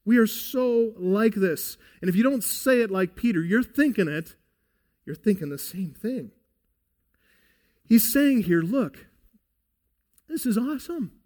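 A man preaching a sermon as pastor, emphatic and deliberate, calling his listeners beloved. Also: high voice, lively intonation, a little mellow. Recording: long hall reverb.

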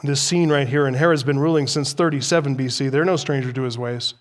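A male pastor delivering a sermon in an animated preaching style, his voice rising for emphasis. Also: mid-range voice, fast talker.

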